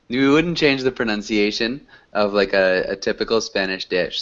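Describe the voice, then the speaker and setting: A man teaching an English class, correcting students gently and praising them. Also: fairly low pitch, measured pace, few pauses, dull audio.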